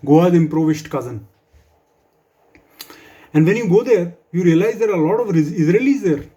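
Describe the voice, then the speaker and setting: A man's voice: high-pitched, expressive, moderate pace, dark tone, muffled recording. A man performing a stand-up comedy set for office colleagues, with wry, dry humor and asides. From India.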